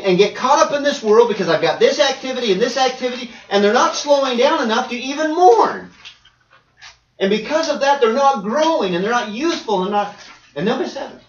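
Guy preaching a sermon, lively up and down voice, roomy far-off church audio, kinda dull. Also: high-pitched, slight background noise. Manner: raises voice, reads scripture, acts out quoted people. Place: church hall.

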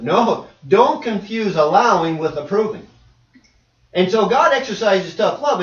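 A male preacher giving a lively sermon and acting out little scenes and voices. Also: sits high. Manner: animated, acts out voices and dialogue. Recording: echoey hall, distant dull mic.

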